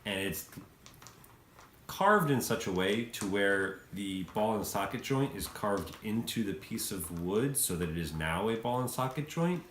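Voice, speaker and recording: A man narrating a tabletop game as game master, animated and often laughing between lines. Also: fairly low pitch, measured pace. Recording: echoey room, faint noise.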